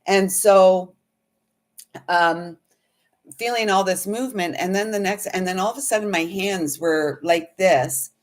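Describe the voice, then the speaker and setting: A woman's voice: mid-range voice, unhurried. A woman who works as an intuitive healer, telling a spiritual story in a casual, meandering and earnest way. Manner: meandering, earnest, speaks of feelings.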